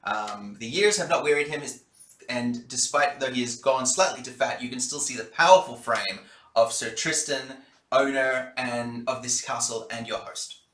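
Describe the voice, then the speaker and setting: A man in the dungeon master's seat, narrating scenes and calling for dice checks. His tone is bright and forward, mid-pitched. The room around him has a clear echo. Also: moderate pace. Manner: descriptive narration with fillers. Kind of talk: narrating a tabletop game. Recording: roomy room sound.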